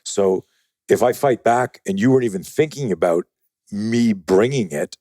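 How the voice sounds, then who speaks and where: Low, dark-voiced man telling stories. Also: normal speed, no room sound, clean studio sound. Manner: animated, profane, acts out quoted voices. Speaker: guest, self-defense and fear-management trainer. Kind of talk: conversational storytelling in a podcast interview.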